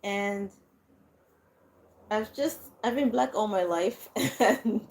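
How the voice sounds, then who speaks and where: A woman's voice: mid-range voice, drawn-out words. A woman hosting a livestream, chatting casually with viewers and laughing often between her words. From Nigeria. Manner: chatty, laughs often, frequent fillers and restarts. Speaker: livestream host. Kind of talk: casual live chat answering viewer comments.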